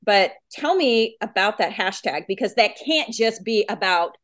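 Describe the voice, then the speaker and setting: A woman's voice: mid-range voice, lively intonation, measured pace. A young woman hosts a podcast with a mid-range voice. She talks in a chatty, friendly way and often uses "um" as she goes. Her tone is casual and conversational. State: pregnant, tearful. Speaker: podcast host. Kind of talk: casual interview chat.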